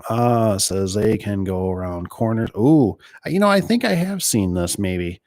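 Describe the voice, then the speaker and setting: Low-voiced rambling man from Michigan. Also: animated, measured pace, darkish tone, no room sound, studio quality. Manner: rambling, storytelling, mimics voices in quotes. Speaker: door and gate installer hosting a live stream. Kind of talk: casual chat reading viewer comments.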